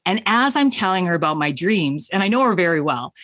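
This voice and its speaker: A woman's voice: lowish voice, expressive, brisk, a bit bright, no echo, studio quality. A middle-aged woman, a business coach, telling a personal story in an interview in an earnest, heartfelt way and acting out her own past thoughts.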